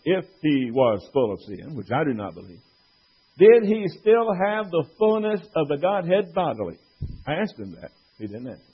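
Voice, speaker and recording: A man's voice: sits high, husky. A man teaching from the Bible, making an argument and quoting scripture with rhetorical questions. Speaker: preacher. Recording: dull lo-fi recording.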